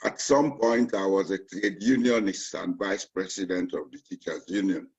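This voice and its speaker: A man in his sixties from Sierra Leone, with a Sierra Leonean accent, answering interview questions in a measured, self-assured way. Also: low voice, fairly even intonation, breathy edge, dull audio. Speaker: party chairman candidate.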